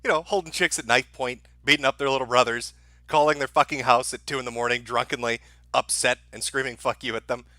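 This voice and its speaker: A man's voice: mid-range voice, fairly even intonation, fast, bright, forceful tone, dry recording. A man hosting a livestream, mocking a played clip with profane, sarcastic commentary. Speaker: livestream host.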